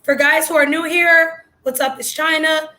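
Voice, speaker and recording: A woman with a high, bright, sharp voice gives blunt, slangy commentary on the news. She sounds excitable and a little strained, as if she is losing her voice. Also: normal speed. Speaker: video host commenting on news. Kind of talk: casual live commentary.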